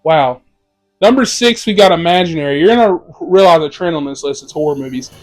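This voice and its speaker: A young man giving a casual, profane ranked review of bad movies, ranting with lively emphasis. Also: fairly high pitch, fairly quick, soft background music.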